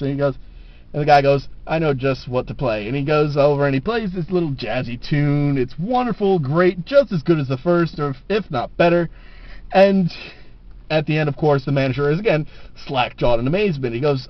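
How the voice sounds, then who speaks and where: A man's voice: on the high side, brisk. A man telling jokes casually to the camera, laughing at his own punchlines, on a dull lo-fi camera recording.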